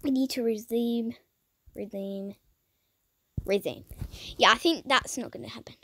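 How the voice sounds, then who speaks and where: A woman giving casual gameplay commentary, dramatic and excitable, who keeps talking to her viewers and often drops into a whisper. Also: a little high, moderate pace, dry recording, clean studio sound. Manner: excitable and dramatic, swinging between squeals and whispers; chats to viewers while playing. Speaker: gaming channel host.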